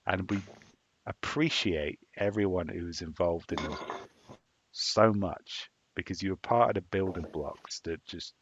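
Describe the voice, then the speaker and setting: A man's voice: sits low, unhurried, slightly rough. An English man co-hosting a podcast, talking casually and swearing often as he fires up his listeners. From England. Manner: profane, emphatic rallying of listeners. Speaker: podcast co-host. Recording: dull, dry lo-fi sound.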